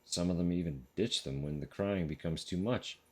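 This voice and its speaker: Man reading as an earnest veteran porter, confiding, frank, very deep voice, game message. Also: normal speed, a little mellow.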